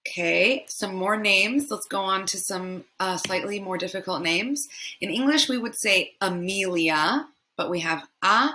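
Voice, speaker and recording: A young woman teaching pronunciation in a language lesson, repeating each word slowly several times. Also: medium pitch, bright, forceful tone, slight background noise. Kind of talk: slow, repetitive language lesson.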